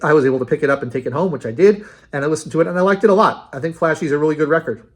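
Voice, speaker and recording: A man's voice: fairly high pitch, rapid-fire. A man casually ranking a band's albums in a rambling, enthusiastic monologue, with many fillers and restarts. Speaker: music reviewer.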